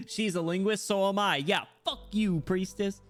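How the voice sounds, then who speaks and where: A man streaming a game, reacting with crude jokes and quick, laughing commentary. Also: high-pitched, a bit bright, faint music behind. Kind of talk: casual gaming stream commentary.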